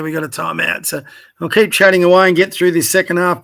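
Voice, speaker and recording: A high-voiced man goes over a youth basketball game late at night, tired but still keen. His bright tone stays direct as he corrects mistakes and praises good plays by name. It sounds like a casual coaching review. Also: flat delivery, fairly quick, vocal fry. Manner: direct, corrective, encouraging, addresses players by name. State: tired, yawning. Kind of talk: casual video review commentary.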